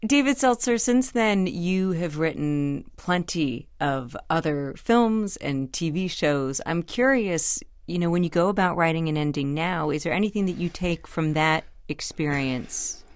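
Low-voiced woman radio host. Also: animated, unhurried, hardly any pauses, smooth, no room sound, studio quality. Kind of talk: scripted narration and interview.

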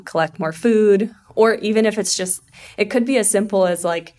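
A woman's voice: medium pitch, normal speed, a little mellow. A woman biologist in her thirties giving casual interview answers, sprinkled with fillers. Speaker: evolutionary biologist.

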